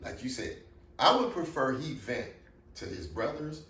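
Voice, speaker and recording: A man's voice: mid-range voice, a little slow. A middle-aged man telling stories in casual podcast chat, blunt and profane. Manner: blunt, profane storyteller, animated. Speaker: guest, father of the host. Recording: roomy echo, distant mic, faint noise.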